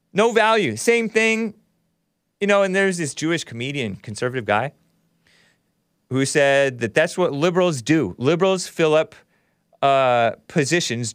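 A man's voice: medium pitch, dry recording. Man, livestream host, reads viewer chats, blunt opinionated commentary, resonant voice, dead dry room.

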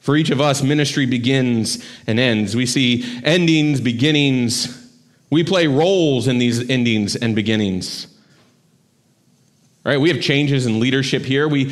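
A man giving a church sermon in a conversational style, often checking in with "right?". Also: mid-range voice. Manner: conversational preaching with frequent "right?". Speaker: pastor. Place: church sanctuary.

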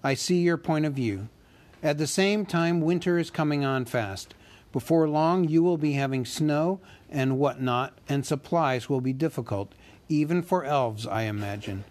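A man voicing a fussy, polite male hobbit who talks in a businesslike way and squeaks when nervous. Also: measured pace, darkish tone, close to an everyday voice.

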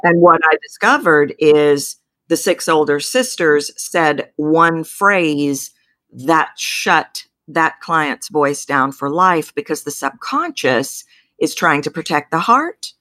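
A woman with a Texan accent, a voice coach telling her story as an interview guest, animated, with sudden jumps in pitch. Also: slow, no room sound. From Texas.

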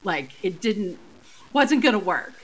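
A woman's voice: medium pitch, big pitch swings, a little slow, low-quality recording. A woman co-hosting a podcast in casual chat, reasoning things through at length with many fillers. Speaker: podcast co-host.

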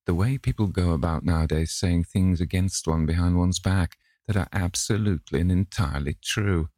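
A man voicing a witty, cynical aristocratic gentleman in an audiobook, drawling his epigrams. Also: low voice, normal speed, no room sound. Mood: amused. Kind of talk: audiobook character reading.

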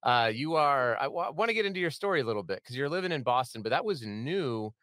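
A man's voice: mid-range voice, animated, quick pace, a bit bright, no room sound. Chatty, upbeat male podcast host. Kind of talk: casual podcast interview.

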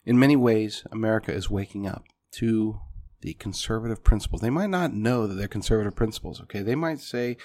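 A man's voice: lowish voice, a little fast, darkish tone. Emphatic male political commentator. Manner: emphatic, punchy, addresses listeners as folks.

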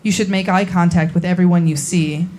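A young woman from Indiana performing a live stand-up set, telling stories deadpan and acting out the people she quotes. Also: fairly low pitch, fairly quick. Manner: deadpan storytelling, acts out quoted voices. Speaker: stand-up comedian. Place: comedy venue with a laughing audience. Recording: live show recording with clear audience noise.

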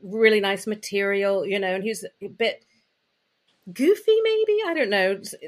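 A woman's voice: mid-range voice, animated, normal speed. A woman guest on an interview, telling personal stories in a candid, chatty way with lots of "you know" and "like.". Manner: chatty, frank, full of "you know" and "like" fillers. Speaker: interview guest, intimacy coach. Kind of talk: candid conversational storytelling.

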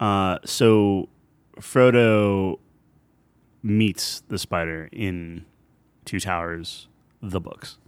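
A man with a lowish voice chats loosely on a podcast, rambling and restarting his sentences with frequent laughs. The sound is dry and close, with no room around it. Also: fairly even intonation, very slow, pauses often, clean tone, no echo. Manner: rambling, self-interrupting, laughs often. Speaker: podcast co-host. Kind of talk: casual chat.

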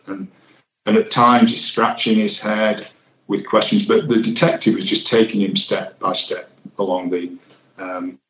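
An older man, a retired detective, recounts a past investigation in an interview, reflective and halting with fillers. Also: low voice. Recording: roomy echo.

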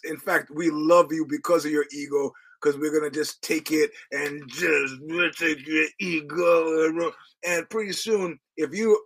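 A middle-aged American podcast host rambles through a casual monologue, digressing with restarts, quoted voices, and wry profanity. His voice is a little high and a bit bright, and the recording is rough.

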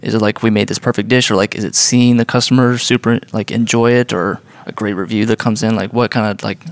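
A man's voice: fairly low pitch, level tone, fast talker, no echo. A man interviewing a chef, asking long rambling questions filled with "like".

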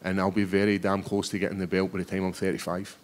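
A Scottish man in his thirties, a fighter answering reporters' questions at a press scrum, cheeky and animated, often stumbling over his words. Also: low-pitched, fast. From Scotland. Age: 30s.

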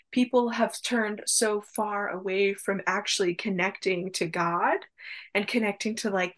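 Chatty woman hosting a spiritual podcast. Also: medium pitch. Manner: animated, laughing, full of fillers. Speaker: podcast host and reverend. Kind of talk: casual spiritual conversation.

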